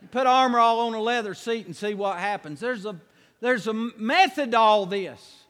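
Preacher, high-pitched male voice, homespun stories building to fervent preaching, reverberant hall. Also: normal speed, a bit bright. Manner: folksy storytelling, rising to fervent preaching. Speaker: pastor. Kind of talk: sermon.

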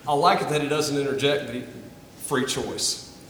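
Man, pastor, sermon, earnest, stammered restarts, distant mic, long church reverb, faint rumble. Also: steady tone, moderate pace, fairly bright tone. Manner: earnest, repeats words when starting phrases. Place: church sanctuary. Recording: roomy hall, from a distance.

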